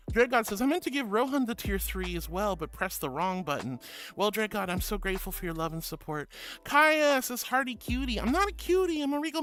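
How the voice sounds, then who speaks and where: A male VTuber streamer reading out chat messages and thanking viewers in a gentle, affectionate way, calling them honey and sweetie. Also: sits high.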